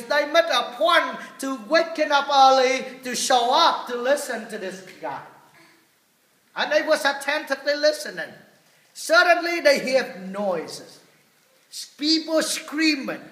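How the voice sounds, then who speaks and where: Animated priest in an echoey church. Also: male voice, extremely high pitch. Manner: animated storytelling with humor, shifting loud and soft. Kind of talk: homily.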